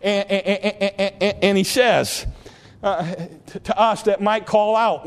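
A man preaching a sermon with impassioned, repetitive delivery that swells and then hushes. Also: high voice, steady tone, slow pace, long reverb tail.

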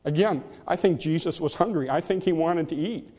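A man's voice: fairly high pitch, a little fast, warm tone, long reverb tail. A man preaching a sermon in an earnest, conversational way, often restarting his words.

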